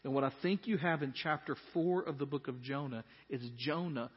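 A man delivers an animated sermon to a congregation, voicing complaints with flair. His voice is high and a little husky. The long reverb of a church hall and a dull, muffled recording surround him. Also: a little fast. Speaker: pastor.

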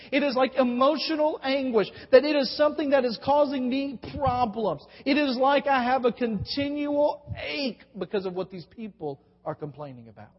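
A man delivering a sermon in a very high voice, posing questions to the congregation and answering them with slow, weighty pauses. His voice carries a long reverb in a large church hall, and the sound is somewhat muffled. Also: breathy edge. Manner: drawn-out emphatic pauses. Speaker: preacher.

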